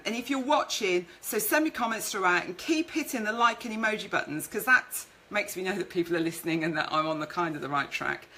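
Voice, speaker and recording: A woman's voice: medium pitch, pushed and bright, poor audio. A woman hosting a live-streamed business talk, chatty, reading out viewer comments and telling stories from her career. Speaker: networking show host and speaker.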